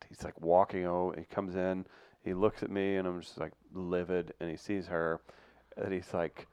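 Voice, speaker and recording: A man in his thirties with a low, gravelly voice, spinning stories from his school days in a loose chat. He acts out the other people's lines as he goes. The sound is close and dry. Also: steady tone, brisk, darkish tone, no echo. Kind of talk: casual storytelling chat.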